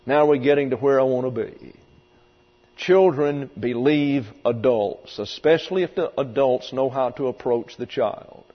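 A man's voice: medium pitch, a little slow. A man preaching an expository sermon, emphatic and vivid, sometimes acting out voices. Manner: emphatic, acts out voices in quotes. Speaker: pastor. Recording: reverberant hall, dull lo-fi sound, mains hum.

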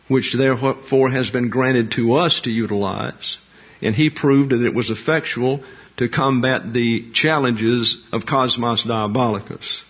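A man preaching a doctrinal sermon in a measured, emphatic way, listing terms one by one. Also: medium pitch, slightly rough. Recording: dull lo-fi sound.

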